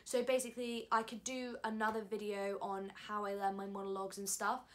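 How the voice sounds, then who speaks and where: A young woman talks to her viewers in a relaxed vlog style. She sounds chatty and enthusiastic, and her voice sits at an ordinary middle pitch for a woman. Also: brisk. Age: young adult. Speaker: vlogger, drama school applicant. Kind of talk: casual advice chat.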